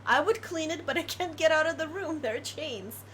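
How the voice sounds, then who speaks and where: A woman's voice: high voice, lively intonation, moderate pace, fairly bright tone, a little hiss or hum. A woman streaming a game, chatting casually and giggling as she plays. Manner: giggly, chatty while playing.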